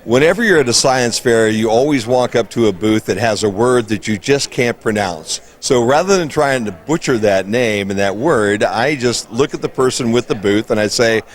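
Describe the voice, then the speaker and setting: A man interviewing people at a science fair, easygoing and chatty. He laughs easily and keeps the questions light. His voice sits at an ordinary middle pitch. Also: normal speed, hardly any pauses. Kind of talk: casual interview. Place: busy science fair hall.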